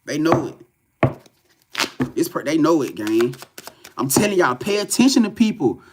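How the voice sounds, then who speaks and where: A man, reading cards live for an online audience. He talks in an animated, profane way, circling back on the same points and leaning hard on them. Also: fairly high pitch, normal speed, slight background noise. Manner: profane, repetitive, animated preaching to viewers. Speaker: tarot reader. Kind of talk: live spiritual reading stream.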